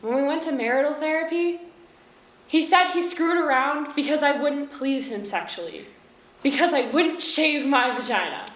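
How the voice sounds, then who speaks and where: A young woman playing a blunt, resentful divorced woman, with a deliberate, plain-spoken stage delivery. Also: sits high, fairly bright tone. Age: young adult. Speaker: student actor. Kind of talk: stage monologue. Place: stage in a hall. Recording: echoey room.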